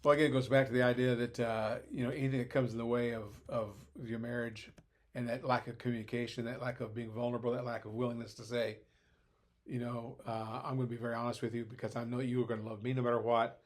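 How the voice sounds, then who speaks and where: A man's voice: mid-range voice, flat delivery, quick pace. Older man, thoughtful and rambling. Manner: thoughtful, rambling, frequent hesitations. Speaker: guest, former teacher. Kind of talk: conversational podcast discussion.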